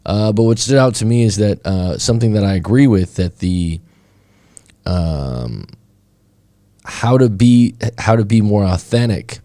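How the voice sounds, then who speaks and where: A man talks on a casual live stream as a coach, loose and rambling, circling back with fillers and restarts. His voice sits low and mellow. The sound is close and dry, with almost no room around it. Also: animated, a little slow, dry recording. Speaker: breakup coach.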